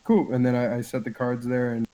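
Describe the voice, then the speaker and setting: Male player, mid pitch, halting delivery full of fillers. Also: completely flat delivery, dark tone, rough recording. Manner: hesitant, full of fillers while describing actions. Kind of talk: casual tabletop play.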